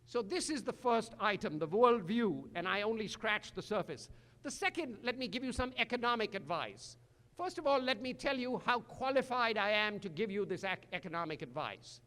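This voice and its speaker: An older man from India, giving a commencement address with dry humor and slow emphatic phrasing. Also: sits high, very animated, sharp tone. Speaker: commencement speaker. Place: large hall. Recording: echoey hall.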